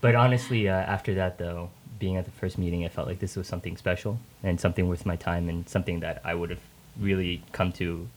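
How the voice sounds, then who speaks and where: A young man answering interview questions on a radio show, relaxed and joking, a bit rambling. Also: low-pitched, fast talker, slight background noise. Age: young adult. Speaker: youth group member, guest. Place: radio studio.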